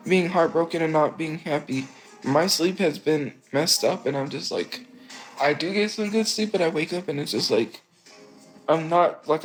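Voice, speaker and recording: A woman's voice: on the low side, rough recording. A woman streamer talking in a rambling, emotional, confessional way. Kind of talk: casual rambling stream talk.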